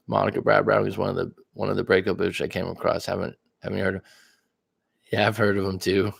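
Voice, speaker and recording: Gravelly low-voiced man chatting on a livestream. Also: a little fast, long pauses. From California. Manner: rambling, chatty, swears casually. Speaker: life coach livestream host. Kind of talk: casual livestream chat.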